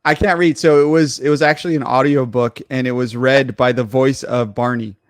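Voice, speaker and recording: A man's voice: mid-range voice, fairly even intonation, brisk, no echo, studio quality. A man co-hosting a podcast, ranting with heavy swearing in casual banter. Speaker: podcast co-host.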